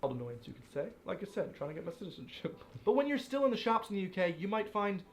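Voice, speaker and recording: A young man telling stories in a casual commentary video, animated and playfully exasperated. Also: sits high, fast, a little hiss or hum. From United States. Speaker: vlogger.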